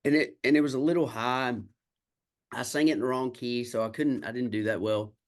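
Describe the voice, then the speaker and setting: A man's voice: mid-range voice, steady tone, brisk. Salty man telling stories. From Kentucky. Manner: candid, salty storyteller who acts out quoted exchanges. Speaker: country singer and songwriter guest. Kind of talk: casual storytelling interview.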